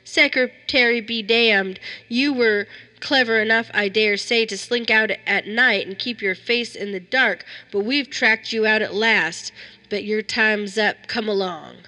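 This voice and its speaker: Woman reader as harsh, scornful frontier vigilante man in a spoken story; bright, forceful tone. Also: medium pitch, a little slow. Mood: menacing. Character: menacing rough male frontier vigilante.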